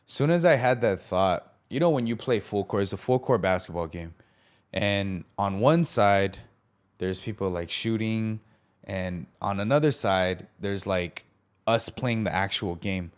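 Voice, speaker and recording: A podcast host shares a personal story in a slangy, casual manner with many fillers, animatedly voicing other people's lines. His voice is lowish and smooth, and he speaks at a measured pace.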